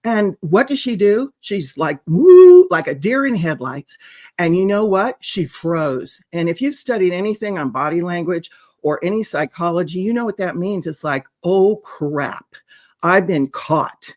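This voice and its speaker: Outraged, animated woman guest. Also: fairly low pitch, moderate pace. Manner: animated, outraged, lots of restarts. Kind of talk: casual political chat.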